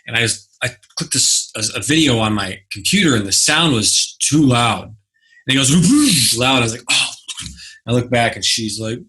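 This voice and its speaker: A man's voice: mid-range voice, a little fast, noisy background. A man being interviewed as a guest, speaking casually and acting out his own reactions when he tells a story. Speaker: guest, business mentor. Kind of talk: conversational interview.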